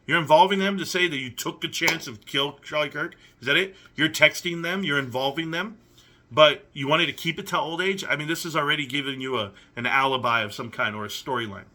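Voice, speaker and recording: A man's voice: fairly high pitch, a little fast, pushed and bright. A young adult man hosting a reaction commentary, reading messages aloud and picking at them with sarcastic, incredulous questions. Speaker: commentary channel host.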